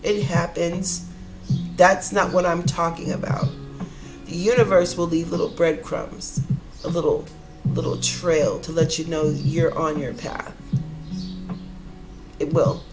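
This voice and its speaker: A woman's voice: lowish voice, steady tone, slow pace, pauses often, music in the background, rough recording. A woman hosting an inspirational podcast, talking casually and earnestly in a rambling way, calling her listeners y'all. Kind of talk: casual motivational talk.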